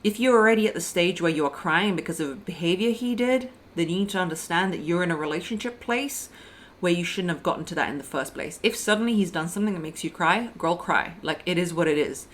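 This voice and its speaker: Young woman, dating coach, blunt and emphatic, slightly low pitch, faint background noise. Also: animated, quick pace. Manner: blunt, emphatic, addresses listeners as "my loves" and "girl". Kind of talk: direct advice monologue.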